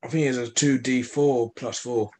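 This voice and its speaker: A man's voice: mid-range voice, steady tone, moderate pace, crowd noise. A man playing a tabletop game, hesitant and thinking aloud as he speaks. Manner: hesitant, full of ums. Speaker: player. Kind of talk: casual chat at a tabletop game.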